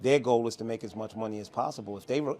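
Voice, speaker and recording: A man co-hosting a podcast, calmly arguing the other side in casual talk. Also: medium pitch, fast. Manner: calm, plays devil's advocate, teasing. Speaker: podcast co-host.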